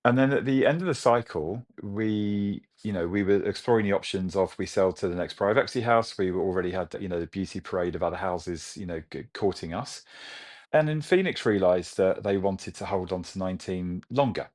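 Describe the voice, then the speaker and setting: A man in his forties from Britain, a company chief talking with animated enthusiasm in a business interview. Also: low-pitched, fairly quick. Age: 40s. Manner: enthusiastic, animated storytelling with laughs. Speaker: CEO guest.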